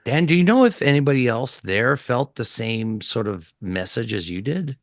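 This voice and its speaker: Man, podcast host, mid pitch, dry sound, brief interjections. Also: animated, normal speed, dry recording. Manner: brief interjections and follow-up questions. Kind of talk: casual interview questions.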